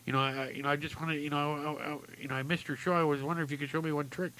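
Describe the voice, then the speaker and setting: A man's voice: a little high, level tone, racing, fairly bright tone, a little hiss or hum, voice pushed up, natural voice, poor audio. A man voicing an eager young boy who stammers and pleads in a joke he is telling. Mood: pleading.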